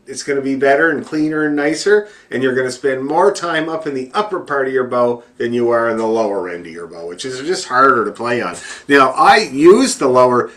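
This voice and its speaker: A man teaching fiddle one-on-one, relaxed and encouraging, often repeating his praise. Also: medium pitch. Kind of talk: one-on-one music lesson. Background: fiddle playing.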